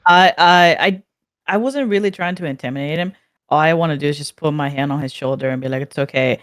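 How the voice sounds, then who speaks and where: A woman's voice: sits low, fairly quick, no echo, studio quality. A woman playing a tabletop game, talking casually and hesitantly with stammered restarts. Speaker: player. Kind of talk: casual chat.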